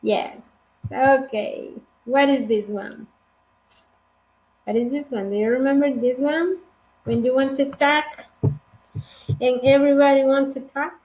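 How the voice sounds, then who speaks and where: A woman from Honduras with a Honduran Spanish accent, teaching an online English lesson with slow, clear speech and playful acted examples. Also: sits high, highs cut off.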